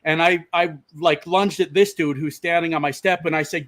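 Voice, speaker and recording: A trucker vlogging to his viewers with a voice pitched a bit higher than most men. He swears freely and tells his story casually and with energy, calling his audience "my friends.". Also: normal speed. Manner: profane, animated, addresses viewers as "my friends". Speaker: truck driver and channel host.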